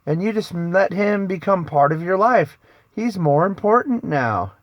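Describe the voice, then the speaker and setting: A man's voice: high-pitched, animated, a little slow, no echo, dull audio. A man who works as a spiritual coach, giving a casual motivational talk to camera, emphatic and preachy, repeating phrases for stress.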